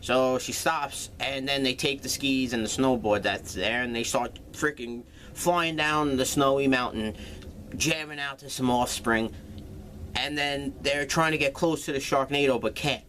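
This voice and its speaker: A man's voice: medium pitch, unhurried, a bit bright, a little hiss or hum. A man recapping a film's plot in a casual, sarcastic way, swearing freely as he goes. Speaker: movie reviewer.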